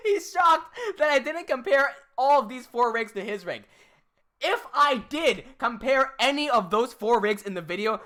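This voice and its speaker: A woman hosts a livestream and rants about a rival, cursing freely and breaking into laughter. Her voice is animated, with a wide-swinging pitch. She's a little tipsy and keeps getting more worked up. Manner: heated, profane ranting with frequent laughter. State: a bit tipsy from drinking. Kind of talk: livestream rant.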